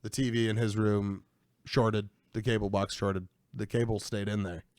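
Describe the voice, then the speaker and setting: A man's voice: on the low side, level tone, moderate pace, a little mellow, no echo, studio quality. A young man hosting a casual podcast from a room in his house, rambling and laughing often. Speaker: podcast host. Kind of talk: casual chat.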